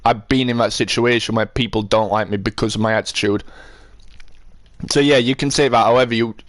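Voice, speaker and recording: A man's voice: medium pitch, steady tone, a little fast, no room sound. A man with a Sheffield accent, a livestreamer ranting at his chat, swearing and repeating himself. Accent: Sheffield English. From Sheffield, England. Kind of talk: angry rant to live chat.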